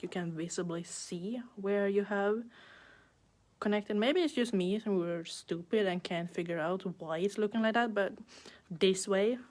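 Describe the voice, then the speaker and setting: Slow, chatty woman teaching nail art. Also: mid-range voice. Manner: chatty, thinking aloud with playful sound effects. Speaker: nail artist. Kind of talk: live online nail art class.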